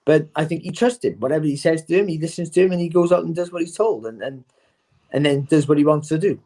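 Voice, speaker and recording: A man talking as a boxing pundit in a casual chat, animated and often repeating words as he starts a point. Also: fairly high pitch, quick pace.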